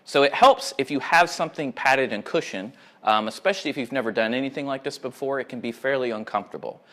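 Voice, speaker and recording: A man, a fitness instructor, calmly talking viewers through gentle ankle exercises. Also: mid-range voice, fast talker. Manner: calm, easygoing instructions. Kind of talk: exercise demonstration.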